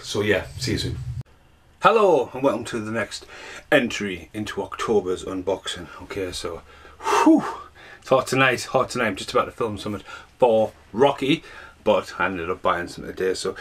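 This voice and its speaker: A man's voice: fairly low pitch, animated, normal speed, fairly bright tone. A man, talking casually to camera in a rambling, sweary way at home. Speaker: vlogger. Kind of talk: casual ranting vlog. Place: at home indoors. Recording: roomy echo.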